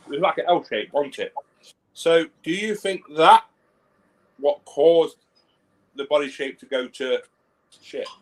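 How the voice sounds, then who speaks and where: Halting man in casual chat. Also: fairly high pitch, low-quality recording. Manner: halting, restarts often.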